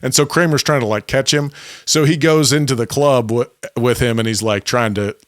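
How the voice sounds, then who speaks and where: Animated male podcast co-host. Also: mid-range voice, normal speed, dry recording, clean studio sound. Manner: animated, laughs while retelling scenes. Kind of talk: casual chat.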